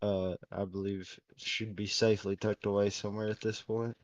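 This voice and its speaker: A man's voice: lowish voice, flat delivery, normal speed, no room sound, lo-fi sound. A man playing a tabletop game, speaking hesitantly in character. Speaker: player. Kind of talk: in-character tabletop role-play.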